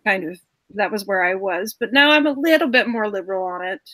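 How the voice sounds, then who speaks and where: A woman's voice: medium pitch, expressive, brisk, fairly bright tone, dry recording. A woman speaking frankly in a casual panel discussion.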